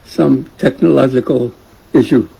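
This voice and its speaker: A man's voice: medium pitch, unhurried, gravelly, slightly rough, low-quality recording. A man teaching a scripture class, retelling a story in a casual way and asking the class questions. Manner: gentle, asks the class questions, chuckles.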